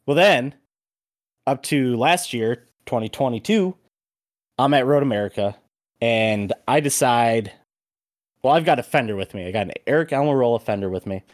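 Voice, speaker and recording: A man hosting a podcast, telling a story in a casual, animated way with plenty of swearing. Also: medium pitch, moderate pace, dry recording, clean studio sound. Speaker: podcast host. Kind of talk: casual chat.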